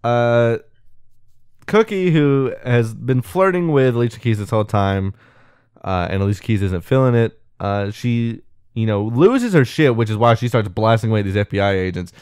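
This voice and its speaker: A man's voice: medium pitch, moderate pace, smooth, dry recording, clean studio sound. A man co-hosting a podcast, casually retelling a film plot and acting out the characters' lines. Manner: animated retelling, acts out quoted lines, swears casually. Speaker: podcast co-host.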